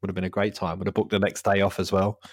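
Low-voiced man, rambling chat. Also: little pitch movement, fast, dry recording, studio quality. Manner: rambling, laughs often, restarts. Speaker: podcast host. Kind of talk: casual football podcast chat.

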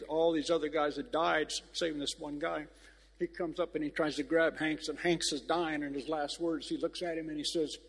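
A man preaches loosely in an old church, drifting through a story with restarts and open emotion. His voice sits a little high and sounds husky. A long reverb trails behind him from the hall. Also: fairly bright tone. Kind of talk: informal sermon.

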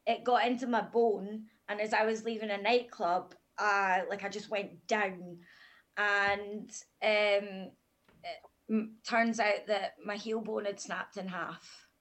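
A woman's voice: medium pitch, fairly even intonation, slow pace, a bit bright. A woman guest on a podcast, telling a hard personal story in a frank, matter-of-fact way.

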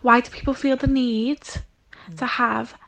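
A woman's voice: on the high side, steady tone, unhurried, creaky, muffled recording, crowd noise. A woman co-host telling an indignant story of complaints. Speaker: podcast co-host. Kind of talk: casual chat.

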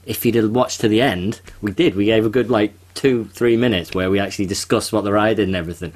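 A man co-hosting a casual podcast, chatty with quick asides and laughing at his own jokes. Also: lowish voice, darkish tone. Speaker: podcast co-host.

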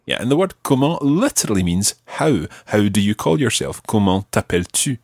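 Patient husky male language teacher. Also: lowish voice, big pitch swings, fairly quick, darkish tone, no echo, clean studio sound. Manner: patient, prompts the learner with questions. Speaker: language teacher and podcast host. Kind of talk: language lesson podcast.

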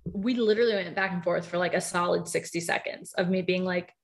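A woman chatting casually as a podcast co-host, her voice sitting a little low. She strings thoughts together with plenty of fillers. She leaps into animated quotes of other people. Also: fairly quick, gravelly. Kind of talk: casual reality-TV recap chat.

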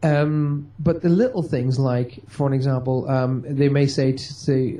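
Brit guy chatting in an interview, warm low-key voice, animated and joking. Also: moderate pace. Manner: lively, joking, acts out dialogue. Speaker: medium and touring stage performer. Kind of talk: storytelling interview answers.

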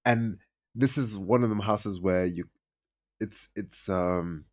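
A man's voice: lowish voice, slow pace, a little mellow. A young man, casually telling a story on a podcast and acting out his friends' lines in raised voices. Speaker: podcast host.

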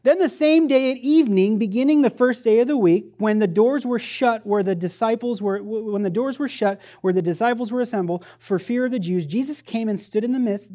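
A woman preacher giving a sermon in a conversational, playful, animated storytelling manner. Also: fairly high pitch, moderate pace.

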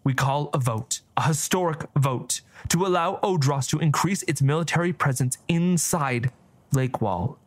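A man voicing a scheming, composed male church cardinal who speaks in measured, formal oratory. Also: mid-range voice, no room sound, close to an everyday voice.

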